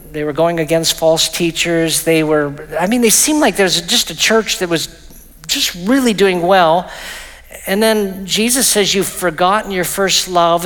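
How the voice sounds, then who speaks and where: A man teaching a church Bible study, explaining verses and reading scripture aloud slowly, with frequent fillers and restarts. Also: on the high side, fairly bright tone, big-room sound.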